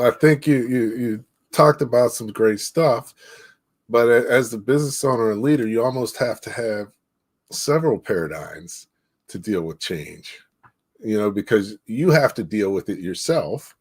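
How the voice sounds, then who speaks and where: A man hosting an interview, speaking in a measured, unhurried way as he sums up and moves on to the next point. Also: medium pitch, animated. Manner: slow, measured, with fillers and restarts. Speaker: host. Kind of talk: interview host commentary.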